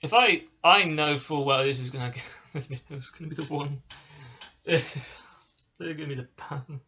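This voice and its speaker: Wired vlogger rambling, super bright voice, dull lo-fi sound. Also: mid-range voice, moderate pace, husky. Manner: hyperactive and giggly, restarts often. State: wired on caffeine. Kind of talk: casual rambling vlog.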